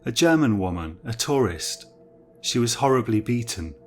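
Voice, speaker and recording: A man's voice: mid-range voice, animated, moderate pace, soft background music, natural voice. A man voicing a creepy bartender. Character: foreign male bartender, fixated and unsettling. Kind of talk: storybook narration.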